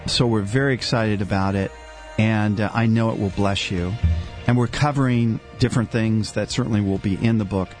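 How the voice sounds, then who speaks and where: A man's voice: fairly low pitch, normal speed, darkish tone, soft background music. A man hosting a religious talk show as a deacon, telling stories earnestly and with animation.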